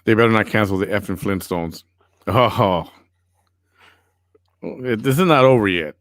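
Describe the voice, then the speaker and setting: Brief: male podcast host, low voice, dry close sound, sarcastic banter. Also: a little slow, dry recording. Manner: wry, sarcastic. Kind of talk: casual chat reading viewer comments.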